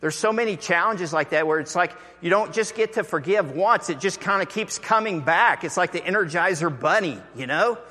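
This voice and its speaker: A pastor preaching a sermon, telling stories animatedly and acting out the voices of the people in them. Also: male voice, sits high, moderate pace, hardly any pauses, pushed and bright. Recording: echoey hall.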